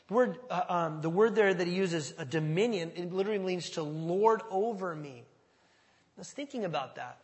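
A man's voice: high-pitched, expressive, a little fast, in a large hall. A man preaching a sermon, talking in a conversational way and asking the congregation questions. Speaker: pastor.

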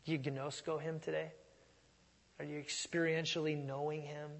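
Middle-aged male pastor, slightly high husky voice, chatty sermon with loud punches, long hall reverb. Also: flat delivery, normal speed. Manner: conversational preaching, swings from soft asides to loud emphasis.

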